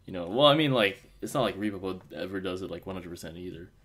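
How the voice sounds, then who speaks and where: A man's voice: low-pitched, expressive, quick pace, fairly bright tone, slightly rough. A man co-hosting a casual fan podcast, rambling with many fillers and restarts. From Osaka. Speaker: podcast co-host.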